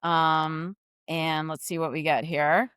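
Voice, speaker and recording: A woman's voice: deep voice, flat delivery, takes it slowly, a bit bright, clear, resonant tone, no echo. Upbeat woman hosting a dry-room podcast. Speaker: podcast host. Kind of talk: casual podcast chat.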